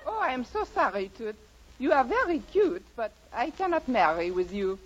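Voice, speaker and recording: A woman's voice: fairly high pitch, very animated, normal speed. An actress playing a coquettish female French poodle with a put-on French accent, coy and teasing, in a 1940s radio comedy. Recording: dull noisy old radio recording.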